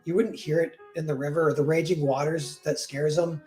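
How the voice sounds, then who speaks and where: A man's voice: fairly high pitch, flat delivery, brisk, mellow, faint music behind. A man casually retelling a fairy tale, rambling with lots of "like" and correcting himself as he goes. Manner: rambling, full of "like" and self-corrections. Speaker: storyteller.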